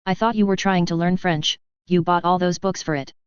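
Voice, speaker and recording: Chill amused dad, as a woman reads him, low-ish voice, dry recording. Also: steady tone, moderate pace, clean tone, dry recording, lo-fi sound, natural voice. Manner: good-humored. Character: easygoing, amused father.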